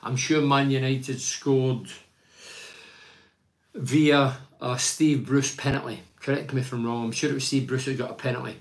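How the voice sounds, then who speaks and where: A man's voice: medium pitch, flat delivery, normal speed. An older man, a former footballer chatting casually about his club and reading out fan messages, blunt and opinionated with plenty of rambling restarts.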